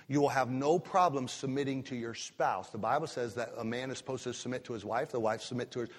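A male pastor preaching a sermon, drawing words out for emphasis and breaking into sudden loud rises. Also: mid-range voice, long reverb tail.

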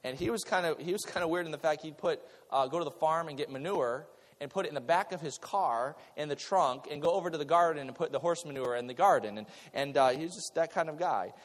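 A man preaching a sermon as pastor. He talks in a lively way, repeats his words and throws in joking asides. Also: fairly high pitch, fast talker, hardly any pauses. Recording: long reverb of a large hall.

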